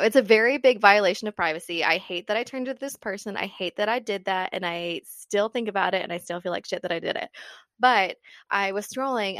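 A woman's voice: mid-range voice, fairly bright tone, no echo, studio quality. A young woman co-hosting a podcast, telling a personal story candidly, with plenty of swearing. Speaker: podcast co-host. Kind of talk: casual chat.

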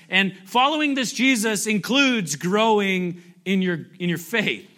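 A man's voice: high voice, sharp tone. A pastor preaching a conversational sermon, often asking his congregation questions and acting out scripture in a playful, joking way. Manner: jokey, playfully acts out scripture.

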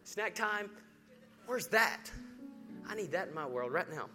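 A man preaching a sermon, swinging between hushed storytelling and rousing declarations. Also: high-pitched, lively intonation, unhurried, faint music behind. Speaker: pastor.

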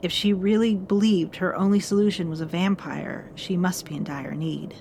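A woman reads a dark first-person story aloud, her voice sitting low and steady. The delivery is measured and solemn, close and intimate like a letter. A faint hiss sits under the recording. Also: gravelly. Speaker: narrator.

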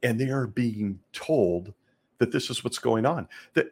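A man's voice: medium pitch, expressive, unhurried, slightly rough. A middle-aged man hosting a podcast, giving sarcastic commentary and laughing often. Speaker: podcast host.

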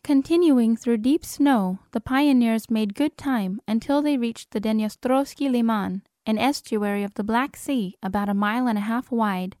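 A woman narrating an audiobook with measured, dramatic delivery over a cinematic score. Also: a little high, dark tone, no room sound. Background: cinematic music score.

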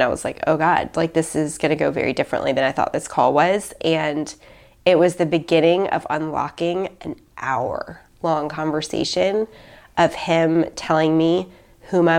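A woman's voice: low-pitched, vocal fry. A young adult woman talking casually and emotionally in a podcast conversation, full of "like" and restarts. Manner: heartfelt, many likes and restarts.

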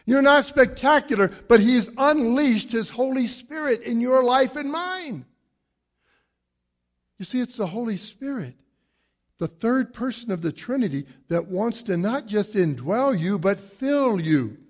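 A pastor with a notably high voice preaches to his congregation. He is emphatic and animated, firing off rhetorical questions and moving around the room as he talks. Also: vocal fry. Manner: moves around a lot while preaching. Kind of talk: sermon.

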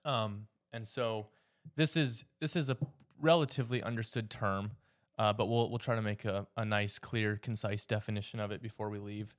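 Canadian male teacher, informal lesson, halting delivery, frequent ums and repeats. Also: lowish voice, fairly even intonation. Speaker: teacher leading a church discussion.

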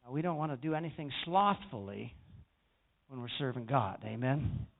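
A man's voice: medium pitch, lively intonation, normal speed, creaky. A male pastor preaching a sermon, telling stories and rising to emphatic peaks. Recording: tinny phone-like sound.

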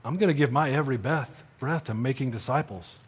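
A middle-aged man preaching a sermon in a church. He talks in an earnest, conversational way, often asking "right?", and drops to a soft, hushed voice for quoted promises. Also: medium pitch, a little fast, breathy edge, long reverb tail. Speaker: pastor. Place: church sanctuary.

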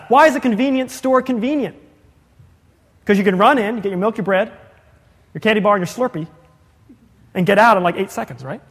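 A man's voice: high voice, a bit bright. A man preaching a sermon to a congregation, chatty, with rhetorical questions and joking asides. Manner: conversational, asks the congregation questions, quick jokey asides. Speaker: pastor. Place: church sanctuary. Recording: long hall reverb.

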